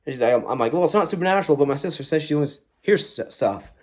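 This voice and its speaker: A man's voice: on the high side, animated, racing. Profane young man rambling through a ghost story. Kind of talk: casual storytelling to camera.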